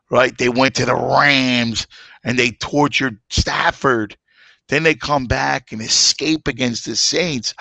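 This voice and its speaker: A man's voice: medium pitch, creaky, pushed and bright, no echo. A man who hosts sports radio, chatting emphatically and egging his co-host on. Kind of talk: casual chat.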